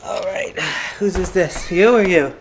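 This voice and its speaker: A man in his thirties talking to a handheld camera in a chatty, upbeat daily family vlog, thinking out loud as he goes. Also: sits high, unhurried. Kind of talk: casual vlog talk to camera. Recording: camera audio with steady background noise.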